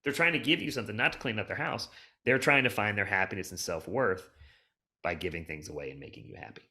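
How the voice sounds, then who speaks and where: A middle-aged man who cleans up hoarders' homes tells long, wandering stories on a laid-back podcast, his lowish voice moving fast. He's an animated narrator who keeps restarting and hopping between threads, and he sounds emotional, nearly in tears.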